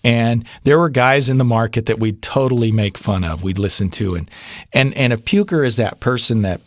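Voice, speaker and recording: A man's voice: medium pitch, moderate pace, dry recording, studio quality. A middle-aged man coaching voiceover beginners in a casual, genuine tutorial, talking conversationally with fillers and restarts. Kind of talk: casual tutorial talk to camera.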